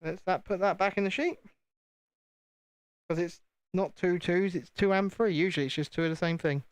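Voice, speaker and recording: A chatty British man with a slightly higher voice, talking casually to his viewers and mocking himself as he works. The sound is dry and close, with no room around it. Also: fairly even intonation, moderate pace, clean tone, no room sound. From United Kingdom. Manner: chatty, self-deprecating, talks to himself. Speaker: streamer. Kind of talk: casual chat while building.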